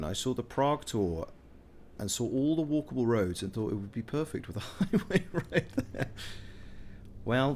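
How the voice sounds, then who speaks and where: A man talking through a video game in a loose, rambling way, with lots of jokes and asides to his viewers. His voice sits in a mid range but swings up and down a lot as he talks. A faint hum runs under it. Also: lowish voice. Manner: chatty, jokey, rambling asides, bursts into silly voices. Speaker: gameplay commentator. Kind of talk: casual let's-play commentary.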